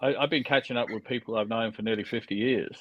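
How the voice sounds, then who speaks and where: A man's voice: mid-range voice, fast, highs cut off, a crowd in the background. A man chatting casually in a group, rambling and reading out viewer comments.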